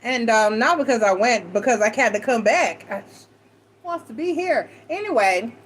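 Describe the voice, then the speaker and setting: Woman tarot reader, fairly high voice, chatty and rambling, frank with a salty streak; faint hiss behind. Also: lively intonation, moderate pace, poor audio. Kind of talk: casual tarot reading monologue.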